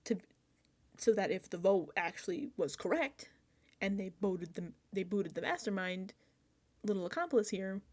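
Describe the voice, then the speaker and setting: Excitable young woman recapping a show. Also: mid-range voice, normal speed. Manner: animated storytelling, acts out reactions; chatty and excitable, laughs often. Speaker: reality show recap host. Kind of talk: casual reaction recap.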